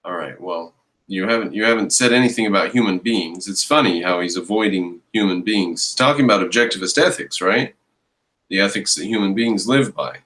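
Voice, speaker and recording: Exasperated low-voiced man ranting. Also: a little fast, a bit bright, poor audio. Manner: exasperated, mocking rants. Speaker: commentator reacting to a video. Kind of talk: reaction commentary.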